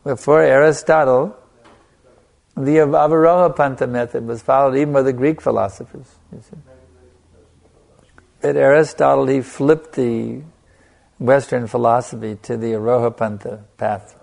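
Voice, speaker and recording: A man preaching in a gravelly voice at an everyday pitch, driving points home by repeating phrases. After each point he lets a quiet "you see" fall away. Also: fairly even intonation, normal speed, pauses often. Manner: emphatic, repeating phrases for stress. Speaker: spiritual teacher. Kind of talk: sermon.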